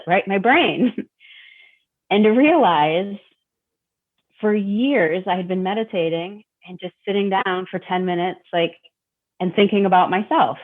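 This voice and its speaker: Speaking candidly about recovery as a guest, this middle-aged woman from Detroit has a medium-pitched voice, talks a little slowly, and pauses often. Her habit of repeating words and voicing her own thoughts comes through on a tinny, phone-like recording.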